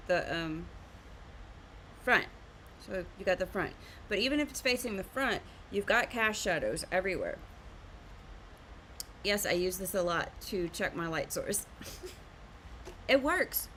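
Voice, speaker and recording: A woman's voice: fairly low pitch, a bit bright, a little hiss or hum. A woman hosting a live art stream, chatting casually while teaching drawing and often laughing at herself.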